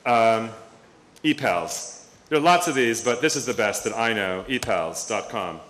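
A man giving a lively presentation to a room of teachers, telling stories and putting questions to the audience. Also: mid-range voice, measured pace, slight background noise. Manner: animated storytelling, asks the audience questions. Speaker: education speaker. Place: meeting room or hall with an audience. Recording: echoey room, distant mic, faint ambience.

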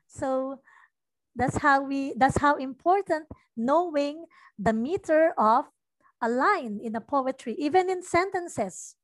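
A woman English teacher tutoring a young student in an online lesson, patiently repeating lines slowly to model stress. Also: high voice, expressive, no echo.

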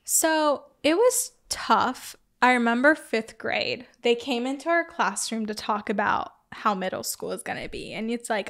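A young adult woman from Iran tells her story as a podcast guest. Her voice sits a bit high, and she talks in loose, rambling sentences full of "like." It is casual, candid conversation. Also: normal speed, hardly any pauses, fairly bright tone. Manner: chatty, frequent "like" fillers. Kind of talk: casual interview.

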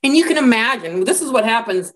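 A woman gives a relaxed Bible lecture. Her voice sits a little high, and she tells the story with lively energy, dropping in casual asides along the way. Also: quick pace. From American Midwest.

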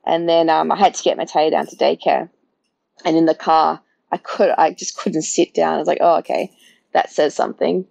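Woman, low voice, gravelly, dry close sound, chatty guest. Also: flat delivery, normal speed, a little mellow, no room sound, low-quality recording. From Australia. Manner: chatty, acts out her own past words. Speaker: podcast guest. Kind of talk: casual birth story.

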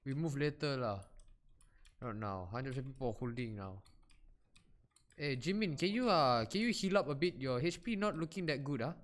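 A man with a Malaysian English accent talks over a shooter game with his friends. His voice sits at a middle pitch, quick to get excited and full of teasing banter. He is recorded close on a headset or desk mic at home. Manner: excitable, teasing, calls out directions. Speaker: gaming streamer. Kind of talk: casual gaming chat with friends.

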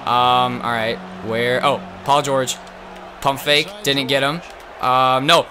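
A young man commentating his own basketball video game, muttering, then shouting at big plays. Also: mid-range voice, slow pace. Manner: swings between muttering and excited shouting. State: nervous, voice strained. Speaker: gaming YouTuber. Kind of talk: live gameplay commentary.

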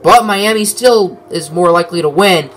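Young male gaming host calling the action like a sportscaster; higher, bright voice with dry humor, faint music under it. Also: moderate pace. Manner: mock sportscaster delivery with dry asides. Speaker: gaming commentator. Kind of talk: play-by-play game commentary.

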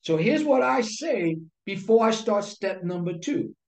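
A man's voice: sits high, animated, unhurried, darkish tone. A man teaching sales technique in an instructional talk to camera. He speaks emphatically, repeats his key phrases and asks rhetorical questions. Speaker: sales coach. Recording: echoey room.

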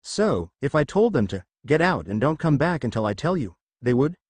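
A man's voice: medium pitch, sing-song, normal speed, darkish tone, breathy edge, no room sound. A man voicing a brash, blunt teenage boy ninja in a fan story reading who grumbles and teases.

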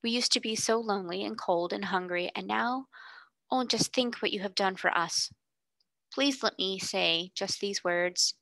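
Woman reading as Sarah, a gentle little girl. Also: medium pitch, unhurried, creaky, no room sound. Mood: grateful. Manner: soft, earnest, often whispered. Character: kind, gentle young girl in an attic.

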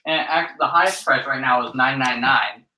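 Sharp-voiced man reading out prices. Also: medium pitch, moderate pace, reverberant, low-quality recording. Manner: matter-of-fact, reading out figures. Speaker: helper checking prices off camera.

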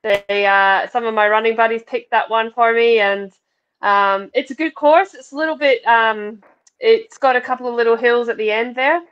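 Scottish female guest, bright and easygoing, heard through lo-fi call audio. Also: a little high, moderate pace, clean tone. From Scotland. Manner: friendly, relaxed, upbeat. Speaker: runner, interview guest. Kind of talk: casual video-call interview. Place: bedroom wardrobe at home. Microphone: video call over a weak connection. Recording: muffled lo-fi video call audio.

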